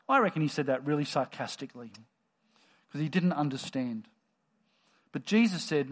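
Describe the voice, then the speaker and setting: A man whose voice is slightly higher than usual preaches a sermon in a church. He speaks in a relaxed, conversational way at a moderate pace with long pauses, telling the story with lively energy.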